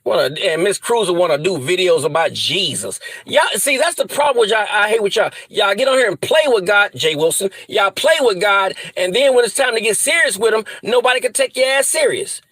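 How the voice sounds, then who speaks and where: Furious high-voiced man ranting. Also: expressive, a little fast, hardly any pauses, a bit bright, slightly rough, dry recording, rough recording. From US Midwest. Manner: profane, threatening, repeats insults. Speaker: vlogger. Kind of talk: angry rant to camera.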